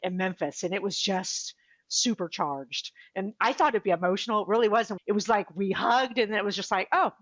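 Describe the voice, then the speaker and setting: Animated woman telling her story, dull sound. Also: medium pitch, normal speed, no room sound. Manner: animated, acts out quoted dialogue. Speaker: podcast guest, author and speaker. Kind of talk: casual interview storytelling.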